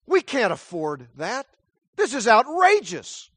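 Brief: a flustered dad who stammers, as a preacher plays him. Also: male voice, very high voice, wildly swooping pitch, slow, pushed and bright, slightly rough, no room sound, voice pushed up, exaggerated voice. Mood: indignant. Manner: hesitant, stammering. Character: unsure, flustered father, gentle and lowered.

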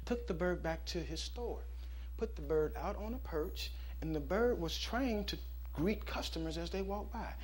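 A man preaching a sermon, telling a funny story and then turning soft and earnest for ministry time. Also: sits high, animated, normal speed, breathy edge.

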